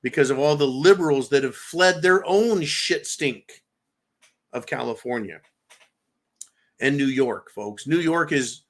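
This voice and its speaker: A man's voice: mid-range voice, a little slow, pauses often. A man hosting a livestream and answering viewer comments. He talks in a blunt, rambling way, swears freely, and stacks up long lists. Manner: rambling, with lists and repeated words. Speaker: livestream host. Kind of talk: live chat commentary, reading viewer comments.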